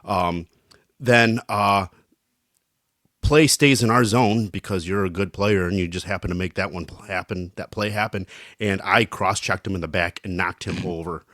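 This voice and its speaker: A man with a lowish voice tells a rowdy story on a podcast, jumping into the voices of the people he quotes. The sound is dry and close, with no room around it. He talks casually and swears freely. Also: steady tone, normal speed, a bit bright, no echo. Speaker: podcast co-host.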